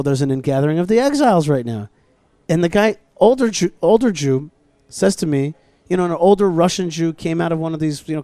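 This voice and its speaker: A man hosting a talk show, telling stories in a casual, animated way with many restarts and quoted dialogue. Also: on the high side, no echo. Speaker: podcast host. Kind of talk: casual storytelling conversation. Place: outdoors at a plaza.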